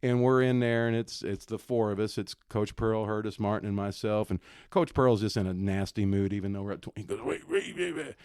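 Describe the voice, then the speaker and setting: A man's voice: on the low side, fairly even intonation, fairly quick, few pauses, a little mellow, clear, resonant tone, no echo, clean studio sound. A middle-aged man, a former basketball coach, telling stories as a podcast guest, laughing often and acting out other people's lines. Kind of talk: storytelling in casual podcast chat.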